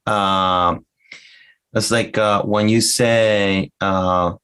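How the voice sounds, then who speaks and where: Argentine man, Spanish native, very low voice, earnest hesitant talk. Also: fairly even intonation, drawn-out words, pushed and bright, clear, resonant tone. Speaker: podcast co-host, English learner. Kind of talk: casual language-learning chat.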